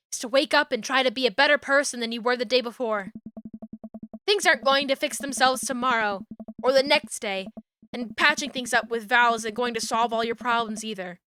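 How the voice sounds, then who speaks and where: A woman streamer with a high, bright voice reads a story game aloud, swearing freely and laughing often. Faint game music plays behind her. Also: clean tone, no room sound, clean studio sound.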